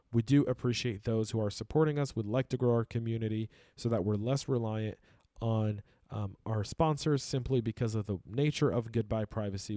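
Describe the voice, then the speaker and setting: A man's voice: lowish voice, mellow, dry recording. A man hosting a podcast in a studio, talking casually and emphatically with frequent restarts, a native Arabic speaker. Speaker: podcast host.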